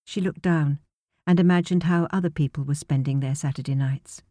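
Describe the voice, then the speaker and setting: Female audiobook narrator, lowish mellow voice, measured delivery, dry studio sound. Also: fairly even intonation, dry recording. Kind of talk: scripted narration.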